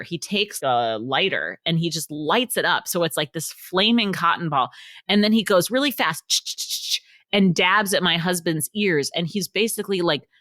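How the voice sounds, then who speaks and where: A woman's voice: fairly low pitch, fairly bright tone, no room sound, studio quality. A woman author talking as a podcast guest, telling stories animatedly and acting out the quotes. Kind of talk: casual storytelling in a podcast interview.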